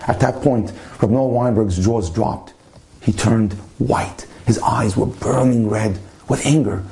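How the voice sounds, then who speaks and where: Mellow-voiced male storyteller. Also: on the low side, measured pace, vocal fry. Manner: animated storyteller acting out dialogue.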